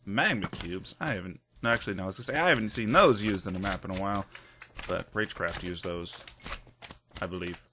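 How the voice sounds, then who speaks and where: A man hosting a let's play who gives casual, excitable commentary with lots of laughs and jokes at his own expense. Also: sits low, a little fast, noisy background. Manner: excitable, self-mocking, laughs often.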